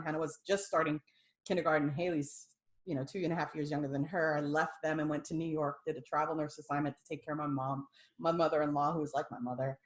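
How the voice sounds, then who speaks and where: A middle-aged woman from the United States, a podcast guest telling a personal story in an earnest way, hushed at times and laughing and excited at others. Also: low-pitched. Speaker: podcast guest sharing a testimony.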